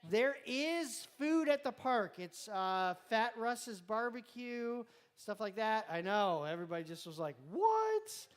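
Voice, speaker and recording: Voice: mid-range voice, expressive, a little slow, hardly any pauses. A youth leader runs through the week's announcements in a loose, chatty way, cracking jokes at the kids in the room and chewing mid-sentence. The voice sits in an ordinary middle register. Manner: chatty, rambling, joking, talks while chewing. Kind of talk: casual live-stream announcements to a youth group. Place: church youth room with students present.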